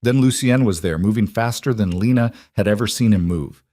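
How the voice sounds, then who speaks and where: Low-voiced man narrating a story. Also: brisk, dark tone. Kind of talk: scripted romance story narration.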